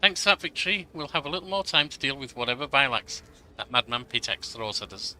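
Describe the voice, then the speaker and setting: A man's voice: medium pitch, animated, quick pace, pushed and bright, a little hiss or hum, poor audio. A man voicing an earnest young woman advisor who brings urgent news, read aloud from a game. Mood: hopeful. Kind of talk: reading game dialogue aloud.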